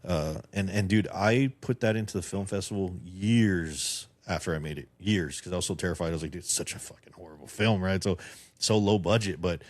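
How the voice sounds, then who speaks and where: Deep-voiced, fast-talking middle-aged man. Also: dry recording. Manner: profane, animated storyteller. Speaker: podcast guest, filmmaker. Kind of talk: casual chat and storytelling.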